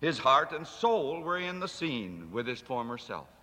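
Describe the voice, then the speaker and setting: A man reading a classic story aloud with dramatic expression, shifting from hushed to lively. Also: medium pitch, measured pace. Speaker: narrator. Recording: long hall reverb.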